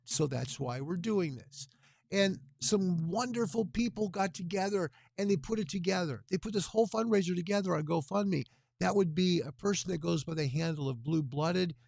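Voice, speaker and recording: Male livestream host, earnest rambling appeal, gravelly, dry and close. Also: sits high, darkish tone, dry recording. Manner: rambling, earnest, talks with his hands.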